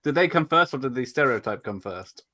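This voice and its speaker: A man in a casual group chat on a video call, playful and quick to laugh. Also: medium pitch, animated, sharp tone, dry recording, studio quality.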